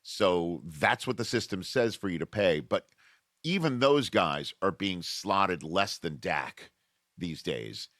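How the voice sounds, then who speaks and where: A man hosting a casual sports debate podcast, animated and riffing, often breaking off thoughts midway. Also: low-pitched, takes it slowly, no room sound, clean studio sound. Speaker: sports talk host.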